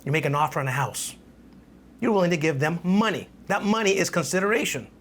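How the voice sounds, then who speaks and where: A man teaching a real estate lesson in a playful, lively way, acting out little scenes with example characters. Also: fairly high pitch, brisk, slight background noise. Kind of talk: animated exam-prep lesson.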